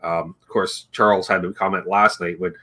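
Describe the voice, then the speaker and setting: A man's voice: deep voice, fairly even intonation, moderate pace, pushed and bright. A man hosting a casual livestream chat, rambling and joking and reading viewer comments aloud as he talks. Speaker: livestream host.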